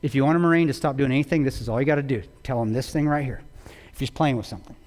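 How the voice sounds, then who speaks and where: A man's voice: mid-range voice, rapid-fire, darkish tone. A man giving a public talk, retelling a story intensely with quoted dialogue. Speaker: guest speaker. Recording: long reverb of a large hall.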